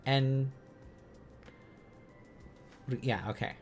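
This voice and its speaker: A man on a casual livestream, thinking aloud in an unhurried, drawn-out way as he sounds out syllables one at a time. He chuckles often between attempts, and soft music plays faintly underneath. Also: medium pitch. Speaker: streamer.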